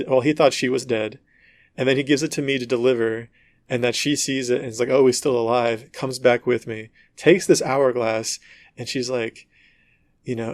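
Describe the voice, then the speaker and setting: A man co-hosting a casual gaming podcast, telling stories in an animated way and acting out dialogue. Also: mid-range voice, no echo. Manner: animated storytelling, acts out dialogue in quotes. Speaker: podcast co-host. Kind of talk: casual chat.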